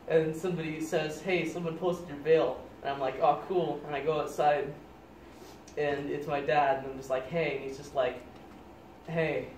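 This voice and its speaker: A young man improvising an absurd story out loud, deadpan and halting, often cracking up at his own lines. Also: fairly high pitch. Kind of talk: rambling improvised comic story. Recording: echoey room, distant mic, loud noise.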